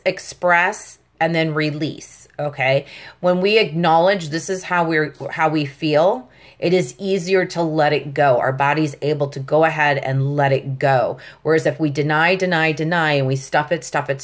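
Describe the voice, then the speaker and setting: A middle-aged woman patiently teaching a tapping technique step by step, often checking in with the listener. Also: low-pitched. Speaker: tapping instructor. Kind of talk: step-by-step demonstration lesson.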